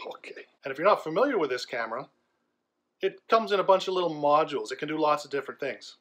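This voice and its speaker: A man vlogging an unboxing, chatty and excited, describing gear as he handles it. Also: brisk. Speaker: tech vlogger. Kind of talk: enthusiastic unboxing vlog. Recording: low-quality video audio.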